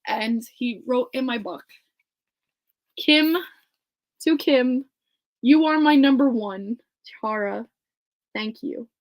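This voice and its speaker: A woman hosting her own podcast in casual, excited chat, gushing and laughing often. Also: on the high side, takes it slowly, long pauses, dull audio. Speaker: podcast host.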